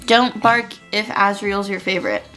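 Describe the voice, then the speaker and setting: A woman's voice: medium pitch, fairly even intonation, moderate pace, pushed and bright, faint music behind. A young woman chatting casually in a reading vlog, gushing about a book with lots of fillers, tearful at times. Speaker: book vlogger.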